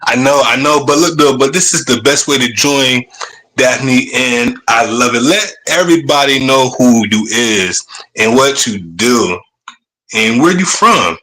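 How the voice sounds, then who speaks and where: A man's voice: medium pitch, lively intonation, measured pace, pushed and bright, low-quality recording. A man hosting a live-streamed show, talking loosely in casual slang, flustered and apologetic as he stumbles over his words. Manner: apologetic and flustered by tech trouble. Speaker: podcast host. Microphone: streaming setup mic.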